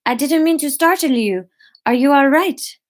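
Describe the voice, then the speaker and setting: A woman voicing a kind, plump French woman in her fifties, with a put-on French accent and a gentle, chatty manner. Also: sits high, moderate pace, voice pushed up, natural voice. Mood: friendly.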